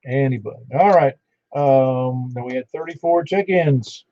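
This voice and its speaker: A man's voice: medium pitch, measured pace, a little hiss or hum. A man running an amateur radio net, chatting casually with callers and reading out call signs in a folksy way. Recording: dull lo-fi radio audio.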